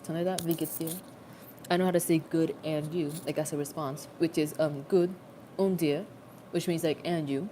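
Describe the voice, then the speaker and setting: A woman's voice: deep voice, steady tone, brisk, mellow, slight background noise. A young adult woman rambling in a casual, self-mocking livestream chat, recorded on a phone.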